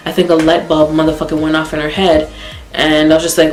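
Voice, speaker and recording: A young woman from Canada telling a blunt, profane, animated story in a casual storytime vlog. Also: low-pitched, fast. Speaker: vlogger. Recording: echoey room with faint background music.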